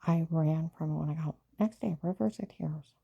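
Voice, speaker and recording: A woman's voice: deep voice, brisk, vocal fry, husky, dull audio. A woman telling her own story in a rambling personal account, agitated and jumping between events while quoting others.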